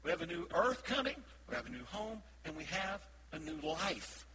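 A man preaching a sermon as associate pastor, swinging between loud emphatic shouts and quiet asides. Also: high-pitched, animated, moderate pace, background noise. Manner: admits he speaks loudly most of the time.

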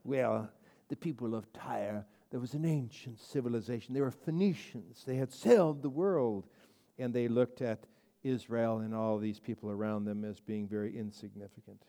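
A man's voice: mid-range voice, normal speed, mellow. A man teaching a Bible study as a pastor, in a chatty, emphatic way with frequent restarts and asides. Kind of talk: conversational Bible study lecture.

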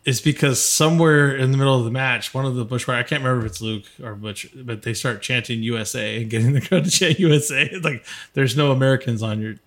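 A man on a wrestling podcast talks in a loose, rambling way, stumbling over restarts and letting his voice fade toward the ends of his points. His pitch sits in an ordinary middle range, and he comes across as a relaxed regular on the show. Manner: rambling, halting restarts, trails off quietly. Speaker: podcast co-host. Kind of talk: casual wrestling review chat.

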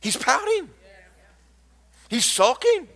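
A male preacher delivers an animated sermon, acting out scenes and teasing his listeners. His voice sits high for a man and leaps all over the place in pitch. The tone is bright and forceful. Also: slow pace, creaky. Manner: animated, storytelling, mocking asides.

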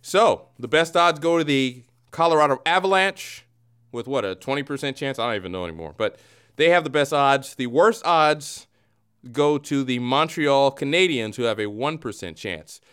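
A man's voice: mid-range voice, animated, normal speed, fairly bright tone, clean tone. Mock-formal male show host. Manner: mock-formal, sarcastic asides. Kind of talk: mock-broadcast hosting.

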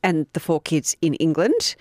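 An Australian woman co-hosting a podcast, telling a true-crime story in a chatty, animated way and often breaking into giggles. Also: sits low, normal speed, dry recording, studio quality. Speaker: podcast co-host.

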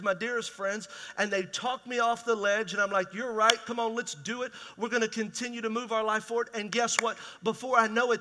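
A man's voice: high voice, sharp tone. A man preaching a conversational, emphatic sermon as pastor in a large church hall.

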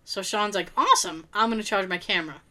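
Woman podcast co-host, bright tone, lively storyteller who quotes people. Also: mid-range voice, fast talker. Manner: animated, laughing, acts out quotes. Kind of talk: casual storytelling chat.

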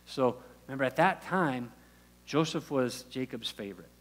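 A man's voice: medium pitch, lively intonation, normal speed, fairly bright tone. A man preaching a sermon, retelling a Bible story in a casual, conversational way, often acting out the people's lines and restarting his sentences. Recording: long hall reverb.

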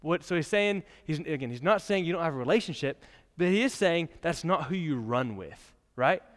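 A man's voice: on the high side, lively intonation, normal speed. A young man preaching a casual, conversational sermon in a church, chatty and laughing often, with many fillers. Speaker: pastor. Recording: long church hall reverb.

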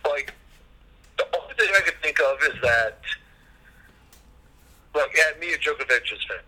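A man in casual podcast chat about a film, relaxed and full of fillers, mildly profane. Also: a little high, normal speed, breathy edge, low-quality recording. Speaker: podcast co-host reviewing a film.

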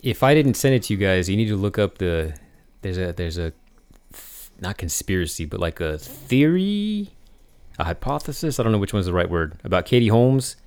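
A man's voice: lowish voice, big pitch swings, moderate pace, darkish tone, no room sound. A man co-hosting a podcast in casual chat, giving short replies and dry, teasing remarks. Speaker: podcast co-host.

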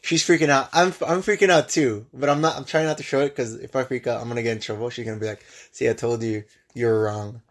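A young man co-hosting a podcast, telling a travel story in casual chat, with lively bursts and frequent restarts. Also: mid-range voice, rapid-fire, few pauses. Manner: animated storyteller with many restarts. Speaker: podcast co-host.

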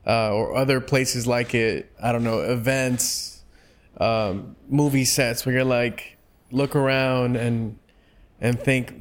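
A man's voice: mid-range voice, fairly even intonation, takes it slowly. A man hosting a casual interview, encouraging his guest with frequent short affirmations. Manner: encouraging, frequent yeahs as he listens. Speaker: interviewer, host.

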